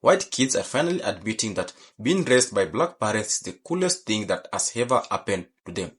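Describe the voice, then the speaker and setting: A male host delivering scripted commentary to his viewers, his voice a little husky and full of rising and falling pitch. He speaks formally, politely pleading again and again. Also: very animated, brisk. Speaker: channel host.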